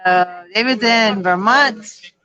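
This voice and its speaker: A woman's voice: mid-range voice, slow, pushed and bright, muffled recording. A woman co-hosting a casual live-stream travel vlog, chiming in with short asides. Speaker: vlog co-host.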